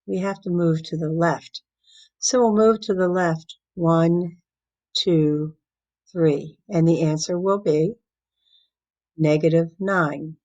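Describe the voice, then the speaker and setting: A woman math teacher explaining a lesson step by step, patiently counting out loud and using playful everyday examples. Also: lowish voice, rough recording.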